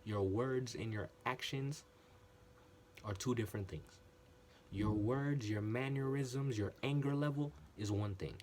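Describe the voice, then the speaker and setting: Animated man telling a story. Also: mid-range voice, measured pace. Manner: animated, repetitive, swears casually. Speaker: channel host. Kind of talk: casual storytelling monologue.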